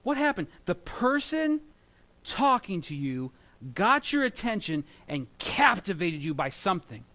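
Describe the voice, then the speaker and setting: A man in his thirties preaching a sermon, telling animated stories with jokes and mimicry. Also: sits high, a little slow. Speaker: pastor.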